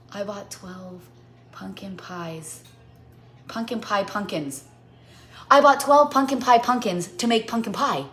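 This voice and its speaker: Hosting a relaxed baking stream from her own kitchen, this woman in her forties keeps tripping over tongue twisters and jingles in a playful way. She speaks slowly in a slightly high, expressive, somewhat bright voice, with a little background noise behind her.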